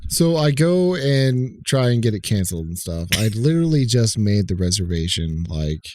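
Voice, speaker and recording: A man's voice: on the low side, sing-song, moderate pace, a little mellow, no echo. A man co-hosting a podcast, telling a long profane story in casual chat and acting out the people he talked to. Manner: rambling, profane, retells calls in quoted voices. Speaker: podcast co-host.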